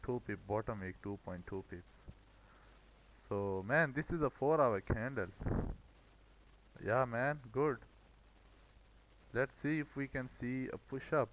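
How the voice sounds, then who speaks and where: A man's voice: mid-range voice, unhurried, a bit bright, low-quality recording. A man streaming live trading commentary, thinking aloud and breaking into swearing rants when he gets worked up.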